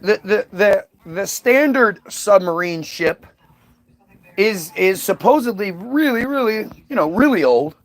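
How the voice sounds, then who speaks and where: Scornful, gravelly-voiced man ranting. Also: high voice, animated, a little slow, no room sound. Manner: scornful, profane, repeats words. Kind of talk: casual ranting monologue.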